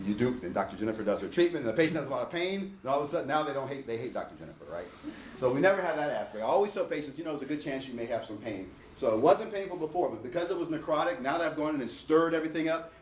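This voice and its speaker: A man giving a lively, jokey dental lecture, mimicking patients to make his points. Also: rapid-fire, slight background noise. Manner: acts out patients in a high whiny voice, jokey. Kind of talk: animated classroom lecture. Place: lecture hall. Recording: echoey lecture hall, voice from a distance.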